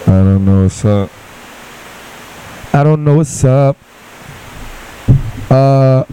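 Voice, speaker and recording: A man co-hosting a radio show, chatting casually in the studio and reading definitions aloud in a relaxed way. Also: mid-range voice, slow, pauses often, clean tone, rough recording. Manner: reads definitions aloud, laid-back. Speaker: radio co-host.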